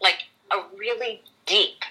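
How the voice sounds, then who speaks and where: A woman's voice: medium pitch, slow pace, bright, forceful tone, breathy edge, rough recording. A woman who works in voiceover, chatting eagerly as a podcast guest, full of "like" and "you know". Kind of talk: casual conversation.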